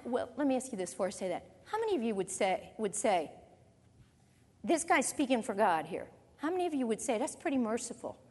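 A woman teaching a sermon. She reads scripture aloud and puts pointed questions to her listeners. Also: a little high. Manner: emphatic, questions the audience directly. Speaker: Bible teacher. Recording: reverberant hall sound.

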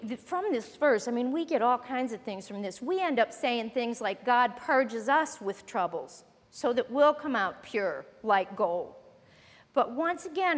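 A woman preaching a sermon, teaching earnestly and emphatically as she reads scripture aloud. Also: high voice. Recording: long reverb of a large hall.

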